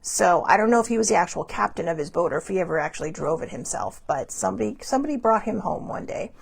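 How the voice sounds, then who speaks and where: A woman's voice: lowish voice, lively intonation, fast, creaky, slightly rough. A woman hosting a podcast, chatting casually and rambling through stories with lots of asides. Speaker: podcast host. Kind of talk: casual storytelling monologue.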